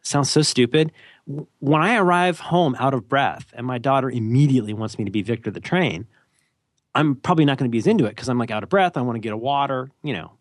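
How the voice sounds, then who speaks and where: A man's voice: mid-range voice, animated, quick pace, dry recording, clean studio sound. A man co-hosting a podcast, chatting casually and giving advice in a self-deprecating, rambling way, with lots of restarts. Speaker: podcast co-host. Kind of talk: casual conversational advice chat.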